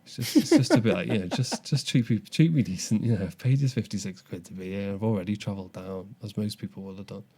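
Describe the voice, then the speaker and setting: Man, young adult, fast talker, mellow low voice, animated storyteller. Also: husky. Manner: animated storytelling with frequent restarts. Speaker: podcast co-host. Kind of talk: casual chat.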